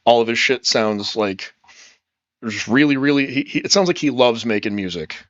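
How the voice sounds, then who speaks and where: A man's voice: mid-range voice, lively intonation, normal speed, fairly bright tone, no echo, dull audio. A man hosting a casual livestream, upbeat and rambling, reading chat comments and swearing freely. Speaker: livestream host.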